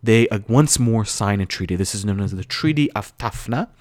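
Low-voiced American man lecturing. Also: expressive, normal speed, darkish tone, no echo, studio quality. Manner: earnest, explanatory, occasional restarts and fillers. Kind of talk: history lecture.

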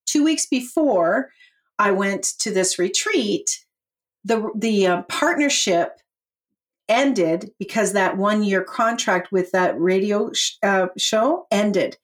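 A middle-aged woman telling her life story as a podcast guest, animated and laughing often as she acts out what she and others said. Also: mid-range voice, takes it slowly. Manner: animated, laughs often, quotes herself in voices.

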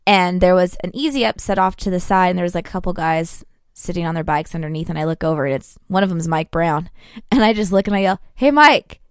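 A woman co-hosting a podcast in casual chat, telling animated anecdotes. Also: on the low side, fast, clean tone, no echo, clean studio sound. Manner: chatty, animated anecdotes, laughs often. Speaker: podcast co-host.

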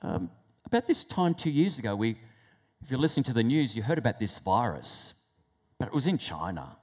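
Male preacher, mid-pitched voice, dramatic storyteller who voices inner thoughts and restarts his phrases. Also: sing-song, brisk, husky. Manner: storytelling, acts out inner thoughts, shifts between hushed and loud; repeats words, restarts phrases. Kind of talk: sermon.

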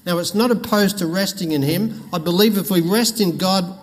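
A man's voice: high-pitched, normal speed. An older man, preaching a sermon with folksy stories and jokes. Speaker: pastor. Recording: long reverb in a hall.

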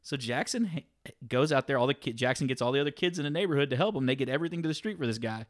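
Male podcast co-host, 30s, energetic storyteller who laughs through his stories. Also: mid-range voice, very fast. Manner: animated storyteller, laughs often. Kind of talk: casual chat.

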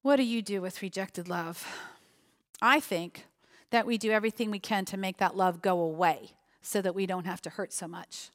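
A woman's voice: mid-range voice, normal speed. A woman giving a sermon, reading a parable aloud and reflecting on it with questions to her listeners. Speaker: preacher.

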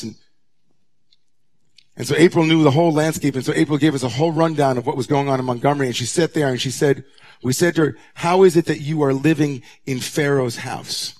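Male rabbi, mid-pitched voice, sermon delivery with dramatic hush-to-raised swings.

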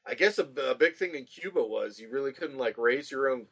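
A man on a sports podcast panel, animated and rambling. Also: mid-range voice, a little fast, husky. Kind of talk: casual sports podcast chat.

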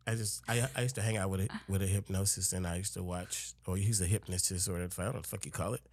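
A middle-aged man chatting casually as a podcast guest, laid-back and rambling, often dropping his voice low. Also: steady tone, rapid-fire, a little mellow, no echo. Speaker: guest rapper. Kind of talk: casual chat.

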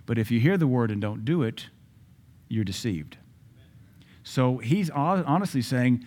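A man's voice: mid-range voice, expressive, a little slow, pauses often, a little mellow. Emphatic preaching man. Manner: emphatic preaching with repeated phrases. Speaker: pastor. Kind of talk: sermon. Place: church service.

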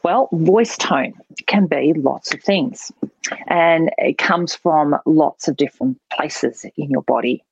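A woman's voice: low-pitched, takes it slowly, vocal fry, slightly rough, no room sound. A woman, a public speaking trainer, explaining voice tone as a guest in a podcast interview. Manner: explanatory, demonstrating voice types. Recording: dull lo-fi dry sound.

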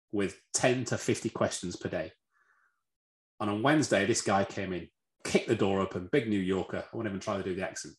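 A man, a red team leader, answering a question with animated stories and restarts. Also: fairly low pitch. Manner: animated, repeats words when starting, acts out voices. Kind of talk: storytelling answer in a talk. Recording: roomy echo.

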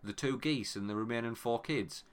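A man in his thirties, co-hosting a podcast, narrates a story casually, swearing and animated, repeatedly trailing off mid-phrase. His pitch is medium and his pace moderate.

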